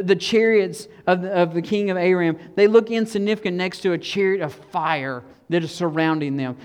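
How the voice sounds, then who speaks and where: Conversational preacher in a reverberant hall. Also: mid-range voice. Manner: conversational, drops to hushed tones for emphasis. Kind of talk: sermon.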